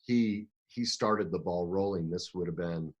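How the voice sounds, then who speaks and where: A middle-aged man, a coach and podcast guest, telling his own story in an emotional, animated way, with frequent restarts. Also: low-pitched, measured pace. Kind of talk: storytelling interview talk.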